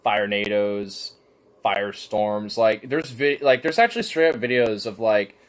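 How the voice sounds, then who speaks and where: A man with a somewhat low voice rants casually, rambling from point to point. He swears freely and fills every pause with "like". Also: animated. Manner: profane, rambling, heavy use of filler "like". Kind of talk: casual rant.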